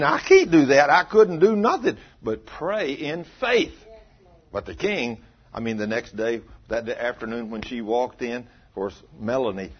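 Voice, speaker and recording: A husky-voiced man preaches a folksy, storytelling sermon. His delivery swings from low and quiet to loud, emphatic peaks. The recording is dull and lo-fi.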